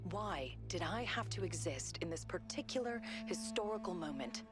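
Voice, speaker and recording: An actress voicing an introspective woman in a video game, looking back on her younger self in a measured, confessional monologue. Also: on the low side, expressive, natural voice. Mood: rueful. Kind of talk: game character voice acting. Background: game music.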